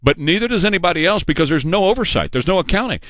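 Political commentator, man, emphatic, sarcastic, slightly high pitch, dry recording. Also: expressive, very fast, fairly bright tone, no echo. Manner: emphatic, sarcastic, repeats phrases for effect. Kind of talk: opinionated political monologue.

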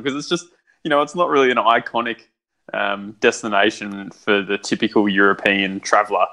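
A man's voice: lowish voice, normal speed, bright, forceful tone. A young man chatting as a guest, telling stories in a loose, rambling way with lots of fillers. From Australia. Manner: chatty storyteller, many fillers and restarts. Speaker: guest, son. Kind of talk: casual conversation.

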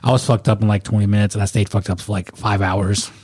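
A man's voice: on the low side, steady tone, fast talker, darkish tone, husky. A man, casually telling profane, laughing stories about working as a club bouncer. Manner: profane, laughing anecdotes with acted quotes. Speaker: podcast guest, former bouncer. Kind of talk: casual storytelling.

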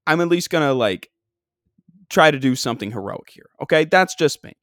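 A man's voice: a little high, lively intonation, brisk, a bit bright, no room sound, clean studio sound. A man from Long Island, rambling casually through a funny story with lots of fillers and self-deprecating asides. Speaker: comedian podcast host.

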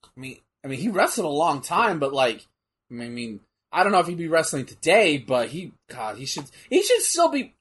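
A young man chatting casually while watching wrestling, animated and rambling, with lots of fillers and swearing. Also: on the high side, normal speed, breathy edge. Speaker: co-commentator.

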